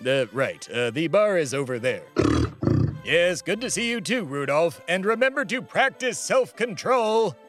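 A man's voice: high-pitched, sing-song, a little slow, fairly bright tone, soft background music. A man in his forties hosting a comedy show, doing a brash mock-advertisement and sketch banter. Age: 40s.

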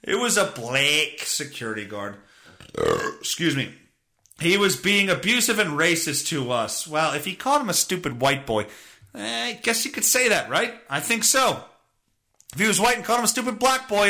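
This podcast host is a man with a high-pitched, bright, forceful voice. He rambles through a comedic monologue that's sarcastic and full of profanity.

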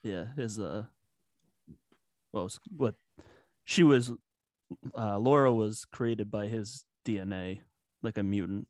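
Slow guy, kinda hesitant, lots of uh, dry room. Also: fairly low pitch, a little mellow, no room sound. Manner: hesitant, searching for words. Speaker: podcast guest. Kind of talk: casual chat.

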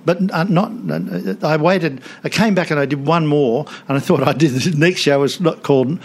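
A man's voice: on the high side, animated, normal speed. Laughing man in his seventies. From Australia. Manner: chatty and anecdotal, laughs often, frequent restarts. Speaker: guest, TV comedian and author. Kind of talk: casual interview storytelling. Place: studio.

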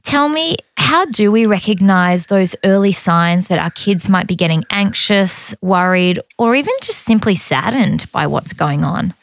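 Chatty woman with gravelly fry. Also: medium pitch, expressive, unhurried, hardly any pauses, no echo. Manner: chatty, candid anecdotes. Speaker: podcast host. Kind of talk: casual storytelling and interviewing.

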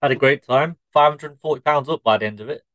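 A man co-hosting a podcast, with a mid-pitched voice and a dry, flat delivery. He tells long shaggy-dog stories unhurriedly. The sound is close and dry. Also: no echo, low-quality recording. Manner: deadpan, drawn-out shaggy-dog storytelling. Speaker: podcast co-host. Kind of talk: joke-telling podcast chat.

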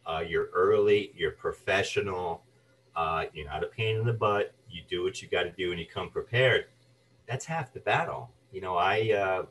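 A man's voice: deep voice, distant mic, a little hiss or hum, rough recording. A man, an actor and voice artist, telling career stories as an interview guest and acting out the people he quotes. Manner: animated anecdotes, acts out quoted voices. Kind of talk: storytelling interview chat.

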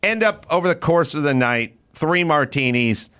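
A man telling a story in casual podcast chat, animated and profane, acting out what he said in the moment. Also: fairly high pitch, moderate pace, smooth. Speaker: comedian guest.

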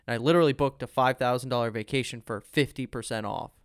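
A man's voice: medium pitch, quick pace, no room sound, studio quality. A man hosting a podcast, telling a long personal story in casual chat with some fillers. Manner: earnest storyteller, many fillers. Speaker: podcast host.

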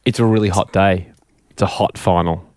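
A man's voice: low-pitched, moderate pace, clean tone, no echo, studio quality. An Australian man co-hosting a comedy podcast, setting up jokey hypotheticals with laughs. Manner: lively, laughing, sets up hypotheticals. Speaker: podcast co-host. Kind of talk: casual comedic chat.

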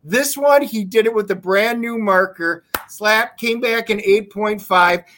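Bright, high-voiced man telling stories. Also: a little slow, a little hiss or hum. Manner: animated storytelling. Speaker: guest. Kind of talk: casual chat.

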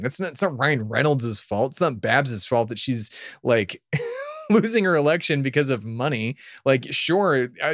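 A man in the middle pitch range talks through a casual podcast rant, sarcastic and rambling, with frequent laughter. His voice is close and dry, with no room sound. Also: fairly bright tone, no room sound. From Texas, US. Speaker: podcast co-host. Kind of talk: casual political chat.

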